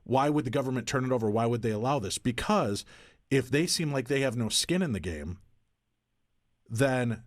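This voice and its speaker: A male radio co-host in a loose, speculative ramble with a playful edge. His voice sits at an average middle pitch. The sound is dry and close. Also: animated, moderate pace, no echo. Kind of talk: conversational radio talk.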